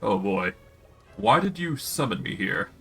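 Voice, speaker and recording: A man's voice: fairly low pitch, big pitch swings, a little slow, creaky, sharp tone, husky, faint music behind, heavily acted. A man voicing a dry, skeptical hero.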